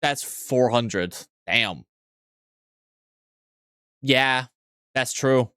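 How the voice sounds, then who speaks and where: A young man chatting casually on a live stream, answering chat with quick asides, restarts and frequent swearing. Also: mid-range voice, bright, forceful tone, smooth, dry recording, studio quality.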